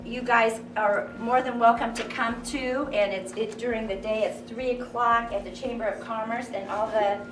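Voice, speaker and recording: A woman's voice: fairly high pitch, steady tone, moderate pace, few pauses, background noise. A woman leading a confidence and voice workshop, encouraging a crowded room of girls through breathing exercises. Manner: encouraging, leads group exercises, loud counting drills. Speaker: workshop coach. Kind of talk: live workshop talk to a group. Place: crowded room with a group standing. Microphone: far room recording. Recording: echoey room from a distance with music.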